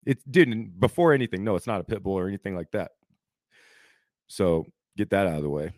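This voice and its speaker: This podcast co-host, a man in his thirties, has a low, slightly mellow voice and speaks somewhat fast, captured in a dry, studio-quality recording. He's chatting casually and telling a story, voicing the quoted lines himself and dropping "dude" often.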